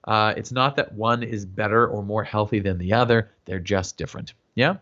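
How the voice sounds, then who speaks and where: A man's voice: lowish voice, fairly even intonation, normal speed, fairly bright tone. A man teaching singing in a casual livestream, explaining with lots of fillers and checking in with "yeah?" and "right?". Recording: dull lo-fi livestream audio.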